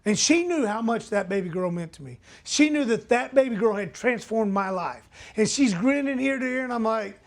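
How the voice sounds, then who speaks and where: A man's voice: high-pitched, animated, a little fast, hardly any pauses. A man speaking as a motivational speaker, telling a personal story earnestly and asking the audience direct questions.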